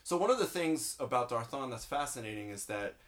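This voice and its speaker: Male podcast co-host, bright tone, rambling casual storyteller. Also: mid-range voice, animated, fairly quick. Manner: chatty, rambling, laughs often. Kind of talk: casual chat.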